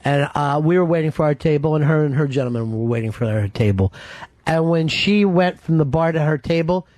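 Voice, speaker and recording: Radio host guy, slightly high voice, dry studio sound, wry and teasing. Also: expressive, a little fast, darkish tone, dry recording. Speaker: radio talk show host. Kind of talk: casual studio banter. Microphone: studio mic.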